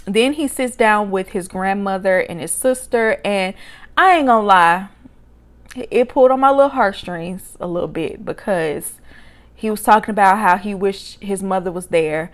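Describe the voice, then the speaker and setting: Chatty woman doing a reality tv recap, sassy and opinionated, voice shoots up when she reacts. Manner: expressive, sassy, with sharp jumps up in pitch when exclaiming. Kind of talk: casual opinionated commentary.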